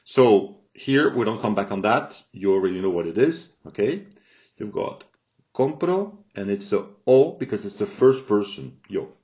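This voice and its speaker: A man's voice: fairly low pitch, animated, moderate pace, darkish tone. A man teaching a language lesson, speaking patiently and often checking in with "all right?" after each example. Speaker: Spanish teacher. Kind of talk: slow spoken language lesson. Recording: dull lo-fi recording.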